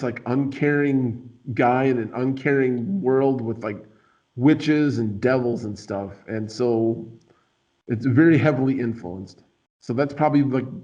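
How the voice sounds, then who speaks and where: Playful rambling male host, mid pitch, dull lo-fi recording. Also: darkish tone. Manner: rambling, filler-heavy, playful. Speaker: podcast host. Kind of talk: casual chat. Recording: dull lo-fi sound.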